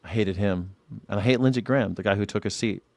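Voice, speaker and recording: A man's voice: on the low side, fast, no room sound. An American man hosting a news reaction show, talking casually, rambling and swearing, often laughing. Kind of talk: casual live-stream reaction commentary.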